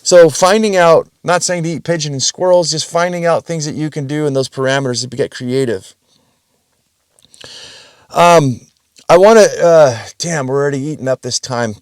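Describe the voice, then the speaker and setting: A man's voice: fairly high pitch, moderate pace, smooth, dry recording, clean studio sound. Blunt, swearing male podcast host. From Russian family background. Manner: blunt, rambling, swears freely. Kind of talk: casual solo podcast monologue.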